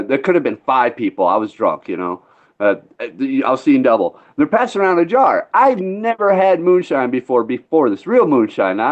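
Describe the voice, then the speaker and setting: A man's voice: medium pitch, dull audio. A man telling a long story in casual chat, laid-back and rambling, swearing freely. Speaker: podcast host.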